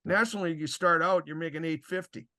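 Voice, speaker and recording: An older man who used to referee talks fast in a voice on the high side. In a casual podcast chat he tells stories with lots of energy, acting out the quoted exchanges and chuckling often.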